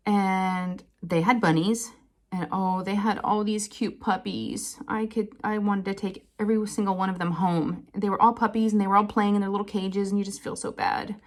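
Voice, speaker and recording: Woman, 30s, chatty crafting vlogger, animated storyteller, laughs often. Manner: chatty, animated, laughs often, quotes people in higher voices. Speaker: crafting channel host. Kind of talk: casual storytelling chat.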